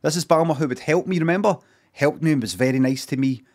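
A man's voice: a little high, fast talker, darkish tone. A man, chatting casually and swearing while streaming reaction commentary. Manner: chatty, swearing, rambling asides.

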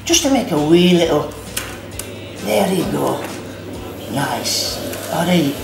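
A slow, gravelly-voiced Scottish man walks through a recipe in a relaxed, chatty way, forever checking in with "all right" and "aye". He sounds far from the mic in a very echoey kitchen. Music plays clearly underneath. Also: on the high side. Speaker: cooking show host. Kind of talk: casual cooking demonstration. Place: kitchen at an activity centre.

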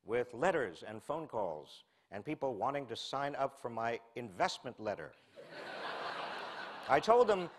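A man in his sixties from the United States giving a humorous public lecture, telling a wry self-mocking story with deadpan asides. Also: medium pitch. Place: lecture hall before a live audience.

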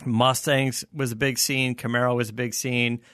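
A man's voice: mid-range voice, flat delivery, moderate pace, a bit bright, smooth, dry recording, clean studio sound. A man hosting a casual chat who also reads a sponsor ad, easygoing in manner. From South Florida. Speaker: host.

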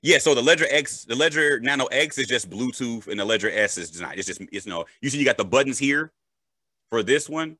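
Male crypto educator, casual and jokey, bright voice, dry close recording. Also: mid-range voice, brisk, no echo. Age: adult, a parent. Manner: animated, joking, checks in with "right?" and "okay?". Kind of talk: casual explainer.

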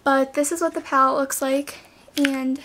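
Background noise sits under this teen girl's casual haul vlog. Her high voice shows little pitch movement and moves at a moderate pace, and she's bubbly, sprinkling in "like" and "literally" all the time.

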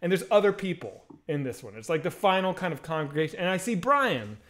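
A man's voice: high-pitched, very animated, brisk, a bit bright. A man co-hosting a casual chat, telling a profane anecdote full of fillers. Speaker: podcast co-host.

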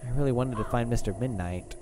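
A man's voice: medium pitch, quick pace, noisy background. A man co-hosting a casual let's-play, joking and chatting with the game's characters. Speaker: co-host of a gaming show.

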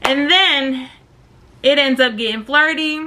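A woman's voice: high voice, slow. A woman telling a story on her vlog in slangy casual chat, acting out what people said. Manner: slangy, animated, acts out quoted voices. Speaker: storytime vlogger.

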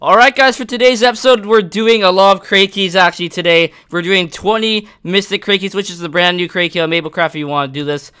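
A young man from Canada casually commentating his own gameplay, excitable and yelling at near misses. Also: sits high, a little fast, hardly any pauses, clear, resonant tone. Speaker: gaming YouTuber.

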